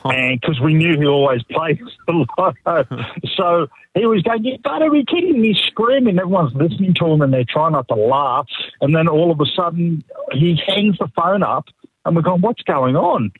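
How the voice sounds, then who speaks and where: A man calling in to a radio show, telling a story in a lively way and chuckling as he goes. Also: a little high, normal speed, phone-quality sound. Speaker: caller. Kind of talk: phone-in anecdote. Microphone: phone line.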